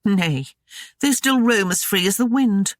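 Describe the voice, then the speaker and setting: A reader voicing a shrill, scornful noblewoman. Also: animated, measured pace, no echo, clean studio sound, natural voice. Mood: scornful complaint. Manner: snarling, railing, scolding. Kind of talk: audiobook character voice.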